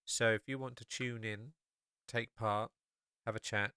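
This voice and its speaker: A man's voice: mid-range voice, steady tone, measured pace, bright, forceful tone, clean tone, no echo, clean studio sound. A man hosting a solo podcast, talking casually and rambling, with many fillers and restarts. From England. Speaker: podcast host.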